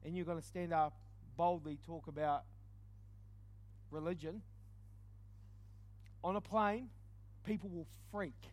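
A man preaching, telling a personal testimony in an animated storytelling way with quick dips into quiet asides. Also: a little high. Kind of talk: testimony sermon.

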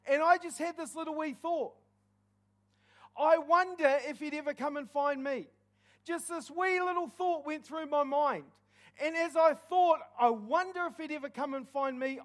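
High-voiced New pastor preaching. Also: male voice, fairly bright tone. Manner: passionate storytelling testimony, rising intensity. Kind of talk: sermon with altar call. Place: church service.

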